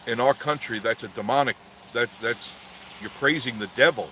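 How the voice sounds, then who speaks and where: Man doing a serious foreign woman, matter-of-fact, low-key, faint vehicle noise. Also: normal speed, sharp tone, lightly acted. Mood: earnest.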